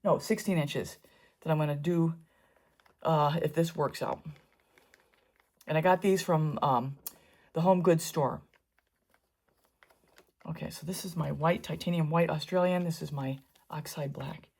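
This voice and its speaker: A woman's voice: low-pitched, fairly even intonation, a little slow, creaky, long pauses, a little mellow. A middle-aged woman talking her way through a painting tutorial in a chatty, wandering way, with asides while she works. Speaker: fluid art painter teaching. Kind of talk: casual painting tutorial narration.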